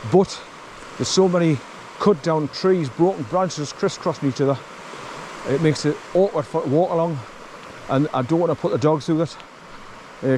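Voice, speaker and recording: A man with a slightly high voice gives a blunt walking commentary outdoors on an overgrown path. He sounds worn out from pushing through the undergrowth, swears freely and keeps urging his dog on. A faint outdoor hiss sits behind him. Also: darkish tone, poor audio. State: tired from wading through bracken. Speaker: vlogger.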